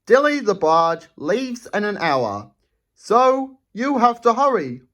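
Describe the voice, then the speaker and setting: A woman's voice: medium pitch, sing-song, takes it slowly, fairly bright tone, pitched above the performer's own voice. A woman voicing a stout, bossy male railway manager in a storybook reading, announcing emphatically.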